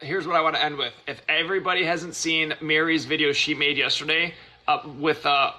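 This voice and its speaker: Bright-voiced enthusiastic male host. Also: fairly high pitch, fairly even intonation, fairly quick. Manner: enthusiastic, rambling with many restarts. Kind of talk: casual livestream chat.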